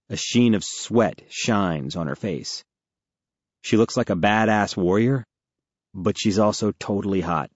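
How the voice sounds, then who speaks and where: A man with a very low voice reads a first-person audiobook, tense and earnest, with a wry edge. The recording is dull and lo-fi, with a dead, dry sound and no room echo. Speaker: audiobook narrator.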